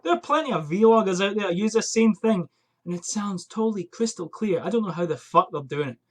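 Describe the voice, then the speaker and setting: A man's voice: high-pitched, expressive, fairly quick. A young man vlogging from a small attic room into a USB desk mic, ranting and swearing in exasperation before his fragrance review. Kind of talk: casual vlog rant. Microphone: USB desk microphone.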